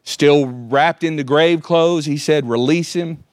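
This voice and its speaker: A man's voice: on the high side, slow pace, no echo, studio quality. A man preaching a sermon, earnestly quoting scripture. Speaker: pastor.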